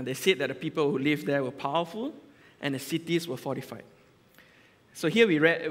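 Malaysian English male lay preacher, chatty and self-interrupting, slightly raised pitch, recorded with reverb in a church hall. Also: fairly bright tone. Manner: chatty, joking, full of restarts. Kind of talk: casual conversational sermon.

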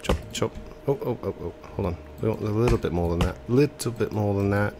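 A man's voice: fairly low pitch, a little fast, vocal fry, noisy background. A man with a stuffy, congested nose, commentating a video game in a put-on English accent and hesitating with ums and self-corrections. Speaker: let's play host.

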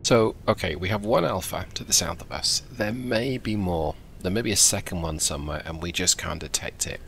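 A man's voice: low-pitched, a little fast, creaky, fairly bright tone, slight background noise. A man casually commenting on his own submarine gameplay, chatty and self-deprecating, thinking aloud. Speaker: game video host.

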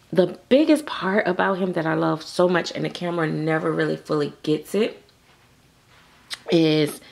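A woman chatting casually to camera about her collectible dolls, animated and full of acted-out quotes. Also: deep voice, gravelly. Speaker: doll collector vlogger.

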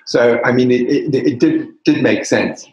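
With an unhurried, slightly mellow medium-pitched voice, an older wine bar owner from Britain is interviewed casually as a guest. He frequently restarts sentences and fills gaps hesitantly, and the audio carries a roomy echo with the highs cut off.

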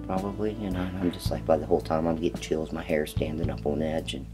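A man's voice: extremely low pitch, fast talker, music in the background. A man telling a story about his house in a documentary, acting out the voices and knocking noises he recalls. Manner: animated storyteller, acts out quoted voices and knocking sounds.

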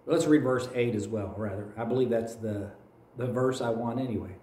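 A man's voice: mid-range voice, moderate pace, warm tone. A man with a Kentucky accent preaching a sermon as pastor of a church, telling folksy stories with repeated phrases. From United States. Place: church sanctuary. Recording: echoey room, voice from a distance.

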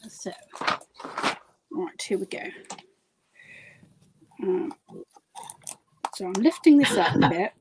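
A woman's voice: mid-range voice, lively intonation, slow pace, long pauses, heavy background noise. A woman guiding a live craft demonstration, chatty, giggly and poking fun at herself as she works. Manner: chatty, giggly and self-deprecating. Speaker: guest crafter demonstrating a project.

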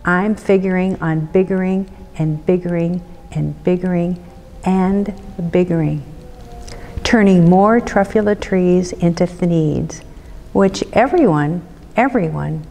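A woman's voice: on the low side, takes it slowly, vocal fry, mellow, in a large hall. A woman reading a storybook aloud, voicing a greedy, defiant male factory owner who insists on growing bigger.

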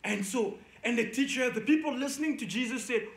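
A man's voice: extremely high pitch, brisk, hardly any pauses, roomy sound. A man teaching young children at church, playful and coaxing as he talks straight to the kids. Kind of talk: lively lesson for young kids.

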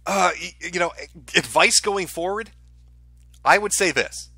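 Guy ranting on his stream, swears a ton, bright sharp voice, pretty high. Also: unhurried, gravelly, breathy edge, dry recording. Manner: profane, ranting. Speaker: streamer host. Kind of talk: live stream rant.

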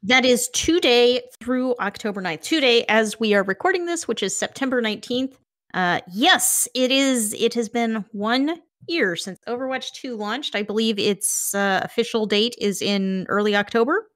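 Woman, fairly high voice, casual podcast chat, chatty, easy laugh. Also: normal speed, a bit bright. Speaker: podcast co-host.

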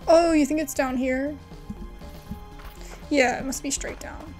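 A young woman with a high voice narrating her own gameplay. She is chatty and giggly and gets excited easily, and she mixes casual asides with reactions to what happens in the game. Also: measured pace, pauses often, soft background music. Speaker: gaming channel host.

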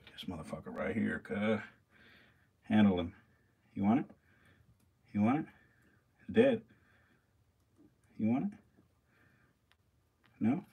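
Feeding his snakes, a male vlogger talks casually to his handheld camera, occasionally setting it down. He swears, jokes, laughs at his own humor, and addresses the snakes and mice as he goes. His voice is mid-range with a breathy edge.

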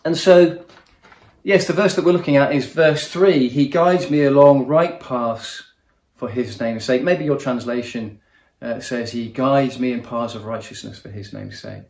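A man gives an earnest sermon in a warm, personal manner. His voice sits at a middle pitch, and the recording carries a noticeable room echo around him. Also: big pitch swings, normal speed, creaky. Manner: earnest, personal, repeats words while speaking. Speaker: guest preacher.

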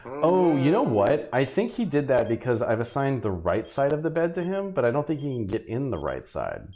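A man's voice: medium pitch, sing-song, normal speed, dark tone. A man streaming a game and chatting casually, laughing often and exclaiming at what happens on screen. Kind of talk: casual gameplay commentary.

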